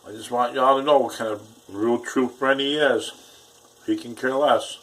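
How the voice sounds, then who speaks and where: A man's voice: medium pitch, steady tone, moderate pace, a bit bright. A man casually vlogging while he cooks at home, rambling and crude, with plenty of swearing. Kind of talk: casual cooking vlog, talking to viewers. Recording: mic at a distance, faint background noise.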